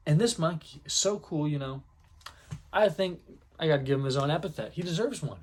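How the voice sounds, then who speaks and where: A young man with a slightly husky, somewhat high voice gives casual fan commentary. He rambles excitedly and drops slang as he goes. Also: a little fast. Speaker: anime commentary YouTuber.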